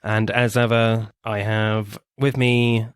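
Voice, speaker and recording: A man's voice: on the low side, little pitch movement, slow pace, clear, resonant tone, no echo, clean studio sound. A man from England hosting a casual film podcast, jokey and sweary, laughing easily as he chats. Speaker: podcast host.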